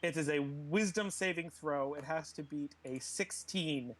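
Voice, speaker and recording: High-voiced giggly male player. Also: a little hiss or hum. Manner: giggly, halting rules talk. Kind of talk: playing a tabletop game.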